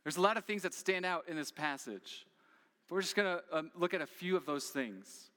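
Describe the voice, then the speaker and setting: A man's voice: on the high side, brisk, pushed and bright, long reverb tail. A man preaching a sermon as pastor, earnest and posing questions to his listeners.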